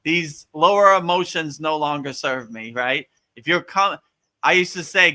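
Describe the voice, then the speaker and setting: Bright, high-voiced man teaching casually. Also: measured pace. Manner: casual, animated, frequent "you know" and "right?"; acts out voices playfully. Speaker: spiritual teacher. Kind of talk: live-stream Q&A teaching.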